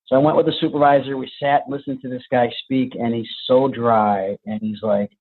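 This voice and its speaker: Gravelly man on a tinny phone line. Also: mid-range voice, quick pace. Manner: lively, conversational, laughs while telling stories. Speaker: guest, police trainer. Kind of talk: storytelling interview answers.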